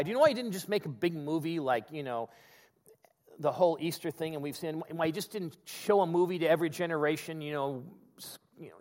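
A man preaching a sermon, swinging between loud emphatic passages and quiet conversational asides. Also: on the high side, long reverb tail. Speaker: pastor.

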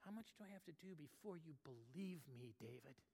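A man preaching, voicing God as a calm, patient, fatherly male deity who speaks quietly and questions gently. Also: on the high side, fairly quick, gravelly, husky, full character voice. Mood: quietly questioning. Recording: long reverb of a large hall.

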